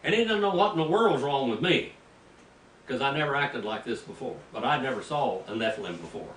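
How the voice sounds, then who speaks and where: An older man, a pastor, preaching a sermon as an animated, folksy story with sudden loud bursts. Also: medium pitch, brisk. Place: mission field, preaching to a group. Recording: roomy, distant mic with faint ambient noise.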